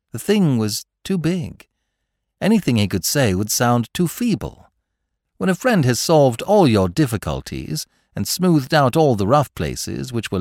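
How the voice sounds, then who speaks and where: A man reads a classic story aloud with expressive, storytelling delivery. His pitch moves a great deal through the phrases, and the recording is dry and close with no room sound. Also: no echo. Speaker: narrator. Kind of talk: scripted audiobook narration.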